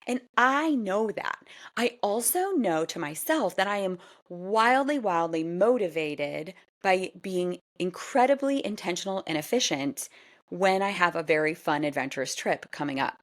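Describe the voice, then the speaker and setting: A woman in her forties hosting a solo podcast, chatty and animated and often laughing. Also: lowish voice, measured pace. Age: 40s. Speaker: podcast host. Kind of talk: casual solo podcast talk.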